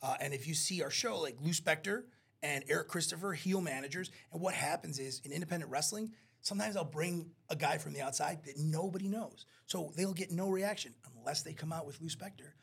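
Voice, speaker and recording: A man chatting as an interview guest, animated and acting out quotes as he tells stories. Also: on the high side, a little fast, vocal fry, husky. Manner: animated storyteller, acts out quotes. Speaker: wrestling promoter guest. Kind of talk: casual interview chat.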